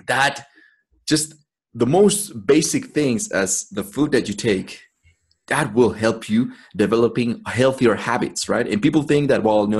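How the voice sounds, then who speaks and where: A man's voice: mid-range voice, slightly rough. A man co-hosting a podcast, talking in a profane, emphatic way and laughing often. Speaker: podcast co-host. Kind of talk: casual chat.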